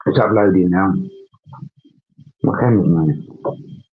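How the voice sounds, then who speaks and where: A man's voice: sits low, a little slow, a little hiss or hum. A man hosting a casual livestream chat. He rambles while he works through tasks on screen and tags his sentences with questions. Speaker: livestream host. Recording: dull lo-fi stream audio.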